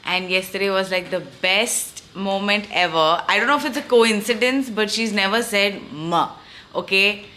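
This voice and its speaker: Raspy-voiced young mom chatting to viewers. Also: female voice, medium pitch, moderate pace, bright, forceful tone. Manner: chatty, affectionate, talks to her baby and viewers. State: raspy morning voice. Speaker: vlogger. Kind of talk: casual vlog chat. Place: out at a mall, then at home.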